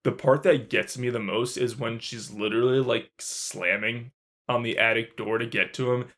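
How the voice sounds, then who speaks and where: A man co-hosting a podcast, chatting casually and excitedly about a horror film, swearing freely. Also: medium pitch, moderate pace. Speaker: podcast co-host. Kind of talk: casual movie review chat.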